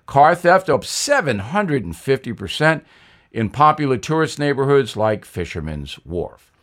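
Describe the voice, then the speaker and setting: A man's voice: medium pitch, big pitch swings, measured pace, a bit bright. An older man hosting a news commentary show, telling a wry satirical tale with emphasis. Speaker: host.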